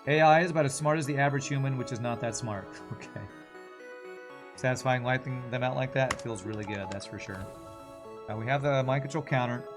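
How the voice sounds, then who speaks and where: A man commentating his own live gameplay in a relaxed, chatty way. He swears freely and laughs easily as the run goes on. Soft game music plays quietly underneath, and his voice sits at an ordinary, average pitch. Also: a little fast. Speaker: streamer.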